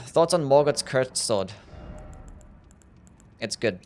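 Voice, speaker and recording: A man's voice: medium pitch, lively intonation, drawn-out words, darkish tone. A young man streaming a game, chatting casually with his chat, laid-back, laughing easily and swearing often. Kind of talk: casual livestream chat while gaming. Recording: music playing faintly behind.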